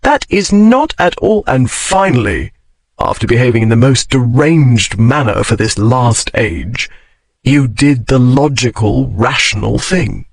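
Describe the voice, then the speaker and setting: A man's voice: medium pitch, expressive, unhurried, breathy edge, no room sound. A man voicing an indignant young Englishwoman who speaks primly and over-formally. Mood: flustered.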